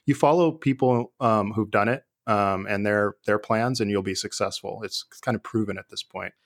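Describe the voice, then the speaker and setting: A man being interviewed, talking in a relaxed, thoughtful way with many fillers and restarts. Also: fairly low pitch, moderate pace. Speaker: guest, former IT leader. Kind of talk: conversational interview.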